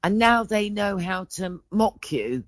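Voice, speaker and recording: A woman's voice: medium pitch, animated, takes it slowly, no room sound. A woman in her forties chats on a podcast, drifting from one story to the next. She keeps breaking off and restarting her sentences, and the voice sounds dry and close. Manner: rambling, self-interrupting storyteller. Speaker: podcast guest. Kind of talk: casual chat.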